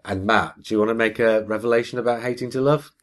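A man hosting a podcast in casual chat, animated and jokey, reading out a listener's email. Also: mid-range voice, fast talker. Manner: animated, jokey, laughs often. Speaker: podcast host.

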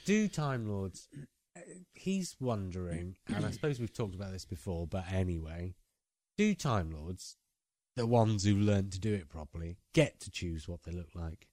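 A man's voice: deep voice, animated, moderate pace, warm tone, no echo, clean studio sound. A man hosting a podcast, chatting casually and reading out listener questions. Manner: chatty, reads out listener emails.

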